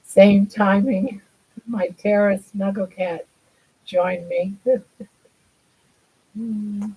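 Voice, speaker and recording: A mellow, husky older woman talks slowly on a casual livestream from her home. She drifts between chatting with viewers and cooing to her pets in baby talk. Her tone stays soft and unhurried. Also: medium pitch, fairly even intonation, poor audio. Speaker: livestream host.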